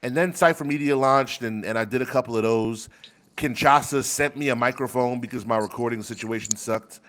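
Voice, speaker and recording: A rapper with a mid-range, fairly bright voice talks fairly quickly in a rambling, casual desk-mic chat. Crude and quick to laugh, he recounts tales of his rap community.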